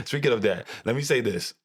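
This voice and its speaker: A young adult man co-hosting a podcast in casual chat, animated and jokey with a preacher-like emphasis. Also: lowish voice, slightly rough. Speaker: podcast co-host.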